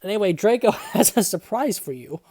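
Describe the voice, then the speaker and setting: A woman's voice: medium pitch, animated, normal speed, dark tone, dry recording, studio quality. A woman in her twenties doing a comedic dramatic reading, with exasperated, swearing asides. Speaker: host reading and reviewing a fanfic.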